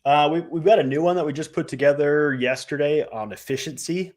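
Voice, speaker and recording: A man's voice: fairly high pitch, fairly quick, a little mellow. Casual man coaching on a live stream. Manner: conversational, filler-heavy, drops volume at ends of phrases. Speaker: co-host, real estate trainer.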